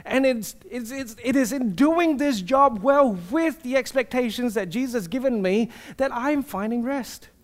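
A man with a notably high voice preaches a sermon. He speaks earnestly and personally and keeps posing rhetorical questions to his congregation. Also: moderate pace, hardly any pauses. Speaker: pastor.

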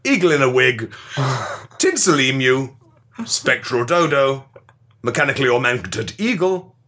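A man's voice: mid-range voice, sing-song, a little slow, pushed and bright, heavily acted. A man playing a blustering self-styled golf expert who lectures in a pompous, rambling way and swears freely. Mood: lecturing. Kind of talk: improvised comedy character.

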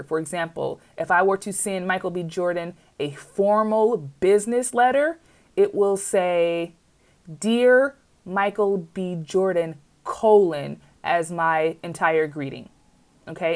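A woman giving a casual grammar lesson on commas, chatty, with playful asides and frequent checks that the viewer is following. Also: mid-range voice. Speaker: writing teacher.

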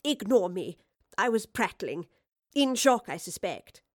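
A woman's voice: mid-range voice, very animated, measured pace, a little mellow, dry recording, studio quality. A woman voicing an earnest, educated woman time traveller who explains herself carefully and hesitantly. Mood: flustered.

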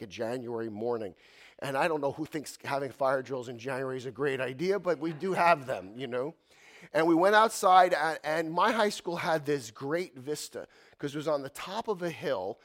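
A man in his fifties preaching a sermon in a church, animated, swinging from loud exclamations to hushed asides. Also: mid-range voice. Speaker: pastor.

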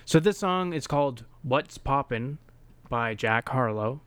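A man's voice: medium pitch, expressive, measured pace, a bit bright, clear, resonant tone, no room sound. A man co-hosting a podcast in casual chat, joking and chuckling at his own bits. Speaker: podcast co-host.

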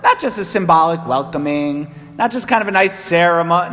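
A man's voice: a little high, animated, fairly quick, bright, forceful tone, big-room sound. A man in his thirties, a priest, giving a conversational sermon with self-deprecating asides. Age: 30s. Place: church.

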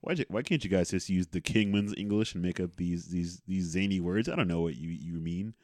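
A man's voice: sits low, steady tone, brisk, darkish tone, no room sound, studio quality. A man co-hosting a casual comedic podcast, speaking in a wry, exasperated way. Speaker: co-host.

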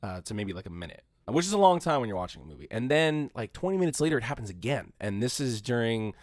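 Fast-talking man, casual podcast chat. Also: mid-range voice, big pitch swings, no echo, clean studio sound. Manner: rambling, swears freely, acts out shouting crowds. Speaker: podcast co-host.

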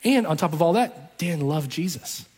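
A man's voice: a little high, lively intonation, moderate pace, darkish tone, breathy edge. A man preaching a sermon, telling a story with passion and driving his points home through repetition. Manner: impassioned storytelling with emphatic repetition. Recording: long reverb of a large hall.

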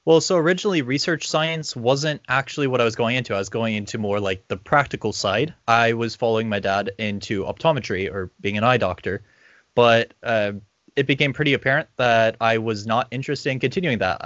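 A young man, a conservation scientist, answering an interview question in a relaxed, thoughtful way with plenty of ums and uhs. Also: fairly low pitch, dry recording, highs cut off. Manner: relaxed, thoughtful, with many fillers.

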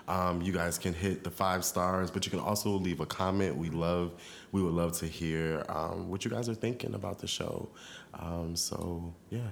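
A man co-hosting a casual podcast, relaxed and easygoing, often laughing and pausing on fillers. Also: sits low, gravelly, slight background noise. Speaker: podcast co-host. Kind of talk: casual chat.

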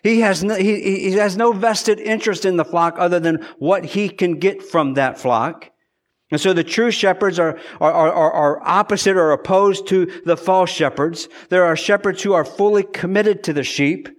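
Earnest man preaching, slightly high voice. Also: moderate pace. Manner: earnest, repeats and restarts phrases for emphasis. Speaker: pastor. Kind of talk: sermon.

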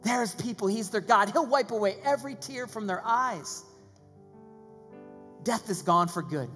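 A man's voice: sits high, measured pace. Man preaching in a reverberant hall. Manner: builds to loud excited preaching, then quiet and hushed for prayer. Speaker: pastor. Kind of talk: sermon. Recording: long reverb with music behind. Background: music playing.

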